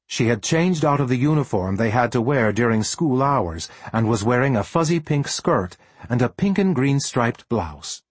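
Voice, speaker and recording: A man reading a storybook aloud as an audiobook narrator with expressive storytelling. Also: medium pitch, normal speed, slightly rough, no echo. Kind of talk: scripted narration.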